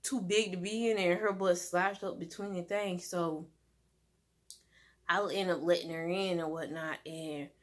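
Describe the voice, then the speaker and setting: A woman's voice: lowish voice, measured pace. Chatty woman rambling through a story. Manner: rambling, animated, many fillers and restarts. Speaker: vlogger. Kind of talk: casual storytime monologue.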